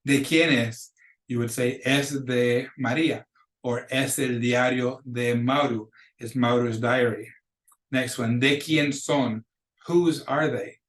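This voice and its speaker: A man's voice: medium pitch, fairly even intonation, takes it slowly, a bit bright, roomy sound. A man teaching a recorded lesson for students, patiently explaining with examples and repeating phrases. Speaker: Spanish teacher.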